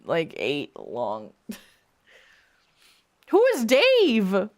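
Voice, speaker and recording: A woman's voice: mid-range voice, wildly swooping pitch, very slow. A woman streamer reading bad fanfic aloud, with giggly, incredulous comedic asides.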